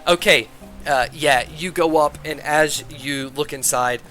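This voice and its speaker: A man's voice: a little high, measured pace, pushed and bright, faint music behind. A man narrating as game master, talking casually with lots of fillers.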